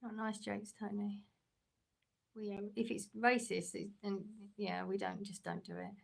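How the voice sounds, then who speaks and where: A woman's voice: medium pitch, level tone, unhurried, creaky. A woman with an English accent, chatting casually on a livestream while reading out comments, hesitant and laid-back with many ums. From England.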